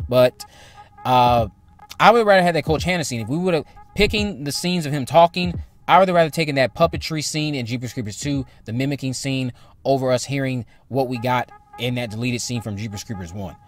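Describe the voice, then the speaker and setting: Male vlogger, mid-pitched voice, opinionated, rambling, faint music underneath. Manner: opinionated, repeats points, rambling. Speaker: movie commentary YouTuber. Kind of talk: casual opinion commentary.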